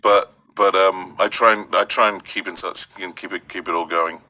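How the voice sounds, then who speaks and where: A male voice actor as a guest in a casual interview, explaining things in a relaxed way. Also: low-pitched, moderate pace, low-quality recording.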